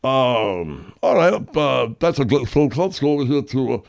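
A man hosting a comedy call-in radio show with brash, quick patter. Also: mid-range voice, big pitch swings, vocal fry, darkish tone.

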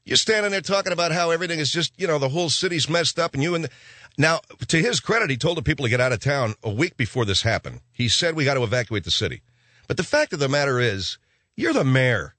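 A man's voice: fairly high pitch, fast talker, no room sound. A man hosting a radio talk show, delivering a rambling comic monologue. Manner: rambling, animated, slips into mock voices.

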